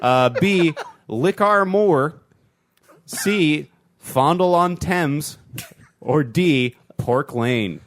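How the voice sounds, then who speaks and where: A man's voice: a little high, lively intonation, extremely slow. A man hosting a comedy podcast, reading out a listener's quiz game with crude jokes and mock-serious delivery. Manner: joking, crude, reads quiz options with mock gravity. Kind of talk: casual comedic podcast banter.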